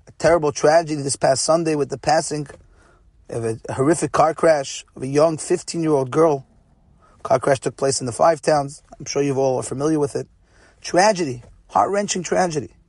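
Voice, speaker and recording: A man delivers an earnest sermon. He sits a little above the usual pitch for a man and stresses points by saying them twice. The sound is dry and close. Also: darkish tone, dry recording. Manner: earnest, repeats phrases for emphasis. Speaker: rabbi. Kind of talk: pre-Sabbath sermon.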